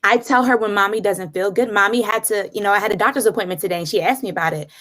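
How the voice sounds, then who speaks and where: A woman's voice: medium pitch, rapid-fire, hardly any pauses, fairly bright tone. Earnest woman guest therapist. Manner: earnest, storytelling about parenting. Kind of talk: casual conversational interview.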